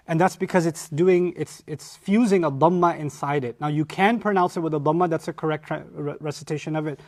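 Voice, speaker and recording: A man teaching a Quran study lecture, animated and often acting out quoted lines. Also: fairly high pitch, fairly quick, hardly any pauses.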